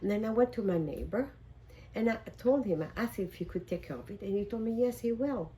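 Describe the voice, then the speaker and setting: A woman's voice: medium pitch, lively intonation, a little fast, dark tone, recorded from a distance, pitched above the performer's own voice, natural voice, rough recording. A woman voicing a widow who earnestly pleads her case before a king, in a storytelling lesson.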